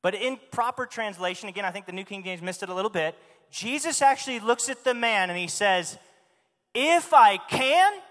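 A man's voice: high voice, fairly quick, fairly bright tone. A man preaching a sermon in a church, speaking emphatically and asking the congregation questions. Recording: long hall reverb.

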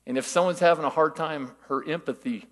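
A man's voice: a little high, brisk, in a large hall. An older man giving a conversational sermon, telling folksy stories and asking rhetorical questions. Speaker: church teacher.

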